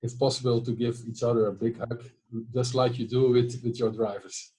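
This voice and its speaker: A man's voice: medium pitch, little pitch movement, normal speed, warm tone, poor audio. A man from Belgium interviewing a guest, friendly and sometimes searching for words. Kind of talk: interview questions.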